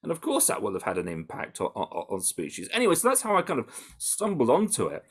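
A British man answering interview questions in an animated, conversational way, with frequent restarts and fillers. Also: medium pitch, fast, breathy edge. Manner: animated, full of restarts and "you know". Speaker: campaigner interviewed about undercover research.

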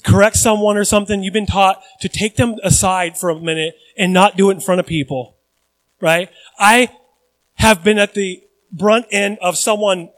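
High-voiced animated male preacher. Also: low-quality recording. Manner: animated, conversational preaching with jokes and audience questions. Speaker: pastor. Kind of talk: sermon.

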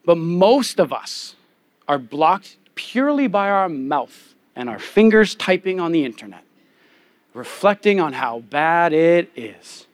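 A man's voice: on the high side, sing-song, slow. A young adult man, a pastor, preaching a conversational sermon and telling candid personal stories.

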